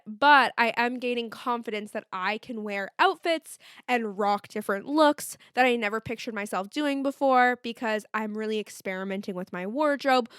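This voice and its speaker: A woman's voice: a little high, a bit bright, no echo, studio quality. A woman in her twenties, a podcast host chatting casually and candidly from home, with plenty of fillers and swearing. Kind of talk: casual solo chat.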